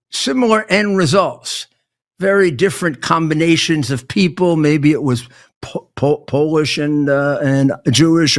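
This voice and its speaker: Older man, gravelly, slightly raised pitch, halting delivery, lots of restarts. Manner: halting, with many restarts and stammered words. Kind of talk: casual spoken monologue.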